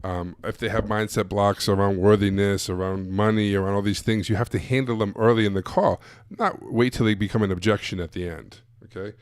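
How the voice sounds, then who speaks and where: A man teaching coaches how to run sales calls on a live stream. He is blunt and direct and keeps firing rhetorical questions. His voice sits low and the sound is dry and close. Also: fairly quick, few pauses, smooth, no echo.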